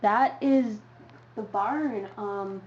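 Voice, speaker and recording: Drawing out her words in a slightly mellow, mid-range voice, a young woman who vlogs about model horses wanders through a casual show-and-tell full of ums and uhs. The sound is a dull lo-fi home recording with faint hiss.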